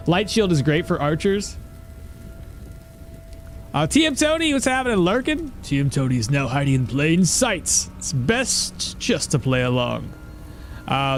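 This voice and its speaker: A man chatting casually on a live stream, talking to himself and answering chat while he plays. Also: sits high. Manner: chatty, talks to himself and reads chat aloud. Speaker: game streamer.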